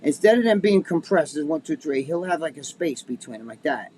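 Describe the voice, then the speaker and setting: Middle-aged male co-host, slightly raised pitch, swears freely and rambles through gym stories over faint noise. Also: lively intonation, brisk, darkish tone. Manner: rambling, profane storytelling with many restarts. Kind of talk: casual podcast chat.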